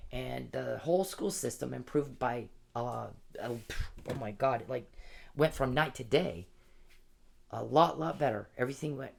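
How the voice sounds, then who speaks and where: A woman rants in a forceful, blunt monologue. She swears freely and talks with plain, hard-edged anger. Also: extremely low pitch, vocal fry. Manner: forceful, profane, ranting. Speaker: complainant. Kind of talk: angry personal monologue.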